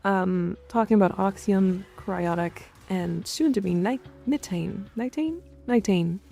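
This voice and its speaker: A woman game streamer chats casually and rants offhand, swearing often. Her medium-pitched voice is gravelly and warm, moving at a measured pace over faint background music.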